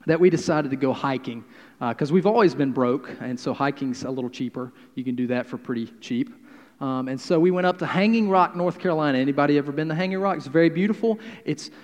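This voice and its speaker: A man in his thirties preaching a sermon in a conversational, humorous way, swinging between loud and quiet. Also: a little high, long reverb tail. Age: 30s. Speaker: pastor.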